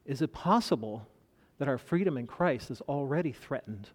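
A man preaching a sermon, measured, with dramatic pauses and rising emphasis. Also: medium pitch, lively intonation. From United States. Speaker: pastor. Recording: long reverb of a large hall.

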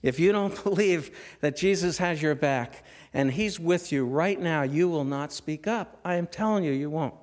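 A middle-aged man delivers a sermon in a fairly high voice. He speaks earnestly, stacking rhetorical questions and letting his voice fall to a near hush when he drives a point home. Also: moderate pace, few pauses. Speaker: pastor.

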